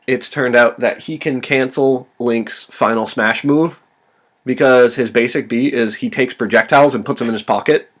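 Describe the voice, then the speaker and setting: A man's voice: mid-range voice, moderate pace. Chatty, joking young man. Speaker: podcast co-host. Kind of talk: casual chat.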